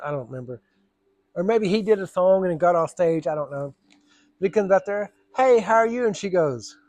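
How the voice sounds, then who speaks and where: A man's voice: fairly high pitch, no echo. A man, telling a rambling, casual story and acting out the voices of the people in it. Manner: rambling, drawling Southern storyteller, acts out voices. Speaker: storyteller vlogger.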